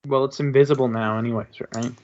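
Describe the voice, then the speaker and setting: A man's voice: mid-range voice, steady tone, fast talker, a little mellow, muffled recording. A man playing a tabletop game, talking through plans in a laid-back way. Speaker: player.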